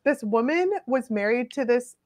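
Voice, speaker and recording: A young adult woman telling funny personal stories in a casual, animated chat, full of "like" fillers. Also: a little high, normal speed. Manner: chatty, filler-heavy, animated.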